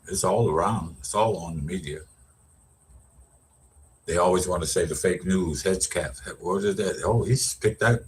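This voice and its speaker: A middle-aged man with a husky, somewhat low voice talks slowly and emphatically. He rambles in casual commentary, restarting and repeating his words as he goes. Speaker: vlogger, educator.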